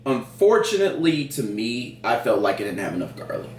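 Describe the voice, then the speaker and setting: A man co-hosting a casual food review, talking in an animated, playfully dramatic way. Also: mid-range voice, brisk. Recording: roomy and distant with faint noise.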